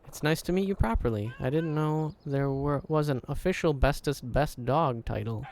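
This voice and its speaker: A man's voice: a little high, normal speed, a little mellow, lightly acted. A man voicing a wry, polite little cat. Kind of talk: reading game dialogue aloud.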